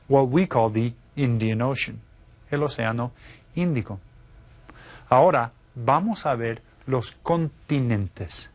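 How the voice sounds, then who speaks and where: A man teaching a Spanish geography lesson, patient and clear, asking learners to repeat. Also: medium pitch.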